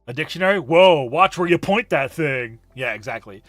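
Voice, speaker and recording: A man's voice: a little high, lively intonation, normal speed, fairly bright tone, dry recording, soft background music. A man chatting on a live stream, emphatic and profane, ranting and reading chat messages aloud.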